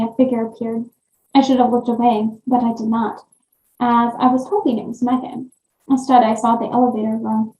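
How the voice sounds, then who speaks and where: A woman narrating creepy first-person stories in a steady storytelling read. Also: on the high side. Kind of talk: reading creepy stories aloud. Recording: echoey dull lo-fi room.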